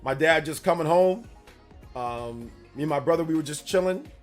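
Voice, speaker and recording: A man in his thirties, a streamer reading chat, talks casually to his live-stream audience with a slightly high voice at a moderate pace. He rambles, uses slang, and repeats himself, with faint music in the background.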